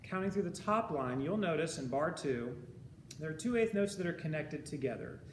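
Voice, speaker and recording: Patient band teacher in an echoey room. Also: male voice, fairly high pitch, normal speed. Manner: patient, explains step by step and counts beats aloud. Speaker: high school band teacher. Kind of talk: recorded music lesson. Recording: echoey room with steady background noise.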